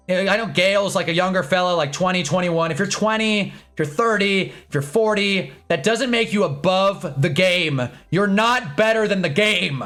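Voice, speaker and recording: A young man streamer telling an exasperated, animated story in a casual rant, swearing as he goes. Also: high voice. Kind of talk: casual ranting livestream.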